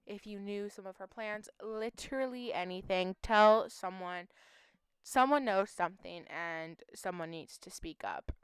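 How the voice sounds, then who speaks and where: Smooth-voiced woman making an earnest plea. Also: mid-range voice, dry recording, clean studio sound. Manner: heartfelt, emotional, pleading. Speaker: missing-persons channel host. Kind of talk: earnest appeal to viewers.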